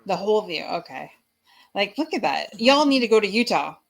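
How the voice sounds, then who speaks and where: A woman's voice: mid-range voice, sing-song, normal speed, creaky. A woman hosting a live-streamed chat show, bubbly and giggly, rambling with fillers as she talks to guests and viewers. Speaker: host.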